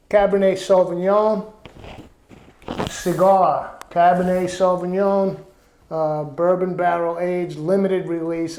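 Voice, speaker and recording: A man's voice: fairly high pitch, creaky. A man talking casually to the camera as the host of his own video show. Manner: relaxed, chatty, reads a quote aloud. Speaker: vlogger. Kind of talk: casual chat. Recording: echoey room.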